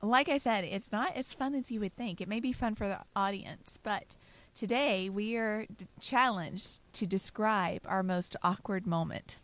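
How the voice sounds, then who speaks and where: A woman's voice: medium pitch, measured pace, a bit bright. A woman co-hosting a casual podcast, playful and teasing, with frequent laughter. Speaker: podcast co-host. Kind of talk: casual chat.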